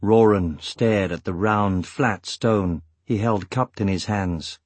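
A man reading an audiobook as narrator, measured and steady, with a husky voice. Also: lowish voice, dry recording. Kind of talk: scripted narration.

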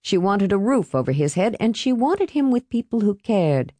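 A woman's voice: mid-range voice, very animated, normal speed, dark tone, no echo. A woman voicing a prim, tightly wound middle-aged woman who is defensive and scolding, in an audiobook reading. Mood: pleading.

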